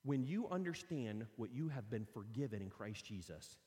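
A man's voice: medium pitch, sing-song, normal speed, a little mellow, big-room sound. A man preaching a sermon in a conversational way, reading scripture aloud and breaking off into casual asides. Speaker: pastor.

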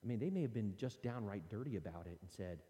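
A man preaching a sermon in a lively, conversational way, reading and explaining scripture. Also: fairly low pitch, fast. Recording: long hall reverb.

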